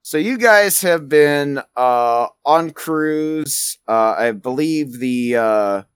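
A man's voice: fairly high pitch, lively intonation, drawn-out words, clear, resonant tone, no echo. Male game master, rambling and full of fillers, close dry mic. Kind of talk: narrating a tabletop game.

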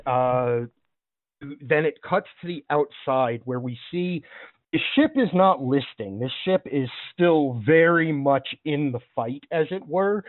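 A man narrating as game master of a tabletop game in a relaxed, halting way with fillers. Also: a little high, no room sound, phone-quality sound.

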